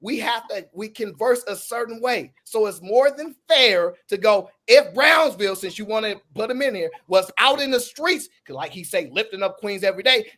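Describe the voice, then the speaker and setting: A man hosting a podcast, arguing his point in a casual, animated debate. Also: very high-pitched, normal speed. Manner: animated, argumentative, drawling. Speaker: podcast host.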